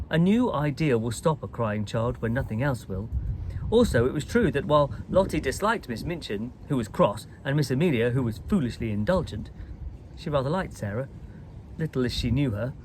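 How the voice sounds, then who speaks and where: A man reading a children's storybook aloud in an expressive, lively way. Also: mid-range voice, a little hiss or hum, rough recording. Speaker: storybook reader.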